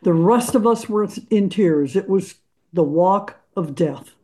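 A woman's voice: mid-range voice, animated, dark tone. An older woman, a musician, earnestly recounting a painful memory in an interview. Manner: earnest, emotional, deliberate recounting. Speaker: musician guest. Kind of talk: personal storytelling interview.

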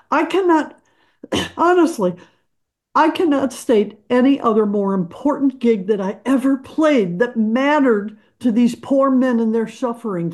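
A woman's voice: a little high, a little mellow. An older woman, a musician, earnestly recounting a painful memory in an interview. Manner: earnest, emotional, deliberate recounting. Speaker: musician guest. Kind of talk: personal storytelling interview.

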